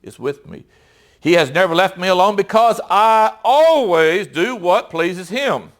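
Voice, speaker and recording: A man with a high-pitched voice delivers a sermon in an easygoing, conversational way. He reads scripture aloud in slow, measured phrases, then explains it plainly, pausing and correcting himself along the way. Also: lively intonation. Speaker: preacher.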